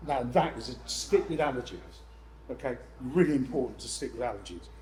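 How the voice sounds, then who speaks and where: A man presenting to a room of landlords, lively and jokey with exasperated asides. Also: medium pitch, a little fast, a little hiss or hum, low-quality recording. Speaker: letting agent speaking at a landlord event. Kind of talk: live seminar presentation.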